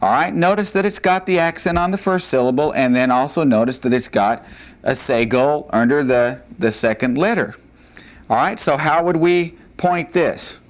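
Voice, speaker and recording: This Hebrew grammar teacher speaks at a normal pace in a voice on the high side, working at a board in a classroom. He patiently reiterates key points, often with "all right" and "uh."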